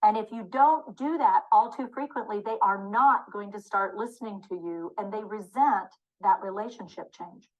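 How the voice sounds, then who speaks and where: A woman's voice: mid-range voice, moderate pace, hardly any pauses, muffled recording. A woman teaching dementia care techniques in a webinar, speaking emphatically and acting out short apology phrases as examples.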